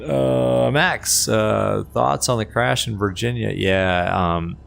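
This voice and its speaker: A man's voice: on the low side, slow pace, gravelly, fairly bright tone, a little hiss or hum. A man giving chatty, self-mocking live commentary as a flight sim streamer, laughing often at himself.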